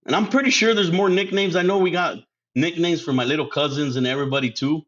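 On a dull lo-fi recording, this podcast host talks fast in a somewhat high, slightly bright voice. Running his casual show alone, he laughs a lot, curses without restraint and mixes Spanish words into his English.

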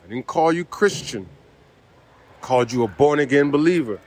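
Male preacher, slightly high voice, emphatic repetitive sermon delivery. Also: expressive, moderate pace, darkish tone.

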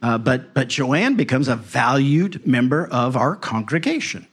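A middle-aged man, a pastor, telling a story in a folksy, animated way with wry asides. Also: medium pitch, a little slow, husky. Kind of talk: storytelling sermon.

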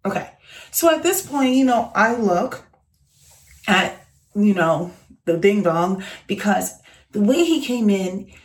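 A young woman casually telling an exasperated workplace story to her channel, acting out the voices of the people in it. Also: fairly high pitch. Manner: animated, exasperated, acts out quoted voices.

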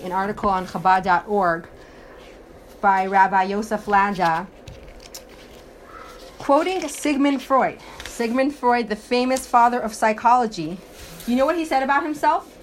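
A woman's voice: mid-range voice, moderate pace, slight background noise. A woman teaching a religious class, telling stories and acting out the voices of the people in them. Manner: storytelling, acts out voices, emphatic.

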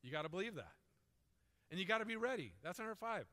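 A man's voice: high voice, sing-song, fast talker, pushed and bright, big-room sound. A man preaching a sermon in a conversational, storytelling way. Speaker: pastor.

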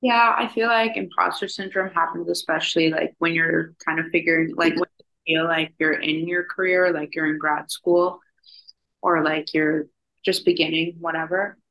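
Young woman cohost, bright tense voice but lowish pitch, rambly, says like constantly. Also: normal speed, gravelly, poor audio. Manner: rambling, many fillers, animated storytelling. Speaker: podcast co-host. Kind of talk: casual chat.

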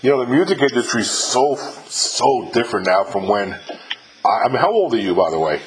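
A man's voice: medium pitch, very animated, brisk, breathy edge, poor audio. A middle-aged man hosting an interview podcast, chatting loosely and swearing freely, with lots of fillers and restarts. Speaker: podcast host interviewing a musician. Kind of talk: casual chat.

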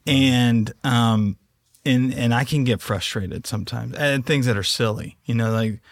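A man's voice: mid-range voice, unhurried, no room sound, studio quality. A man talking as a guest in a casual podcast discussion, reflective and self-deprecating.

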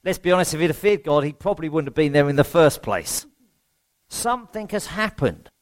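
Man, higher pitch, preacher, conversational sermon, rhetorical questions. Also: expressive, fairly quick. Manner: rhetorical questions, self-deprecating humour.

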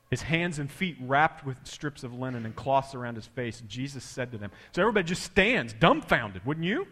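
A pastor preaching a sermon, dropping to a hush and then rising loud to act out the scene, with casual asides to the congregation. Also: male voice, mid-range voice, lively intonation, brisk, few pauses, long reverb tail. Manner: dramatic, swinging between hushed and loud.

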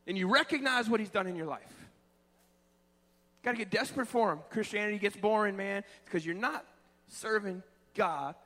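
A man in his thirties, a pastor preaching a sermon, swinging between hushed pleading and loud shouting. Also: sits high, normal speed. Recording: long church reverb.

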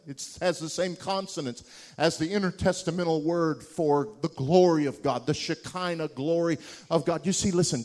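A man preaching a sermon, telling a story and building to loud, impassioned peaks with repeated words for emphasis. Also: on the high side, moderate pace.

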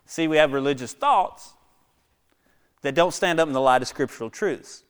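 A man preaching a sermon, swinging from hushed near-whispers to loud, high exhortations, with rhetorical questions and calls to the congregation. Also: normal speed, clean tone. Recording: long echo of a large hall.

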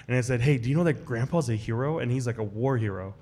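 Man, live storytelling, casual, lively voice, acts out quotes. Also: fast talker. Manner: animated, acts out quoted voices with big jumps in pitch. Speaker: guest storyteller on a live podcast show. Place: live event at a restaurant.

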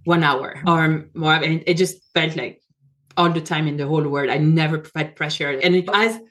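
A woman in her forties, a physician, tells a personal story in conversation, animated, laughing often and correcting herself mid-sentence. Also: low voice, moderate pace. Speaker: physician guest, rheumatologist.

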